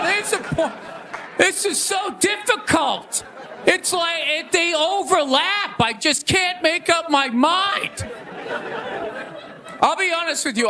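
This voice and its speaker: Middle-aged Boston stand-up, shouty mocking ranter, live room with crowd and noise. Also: male voice, very high-pitched. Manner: animated, shouting, mocking impressions. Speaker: stand-up comedian. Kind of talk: stand-up comedy rant. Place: comedy stage before a live audience. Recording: live stage with crowd laughter.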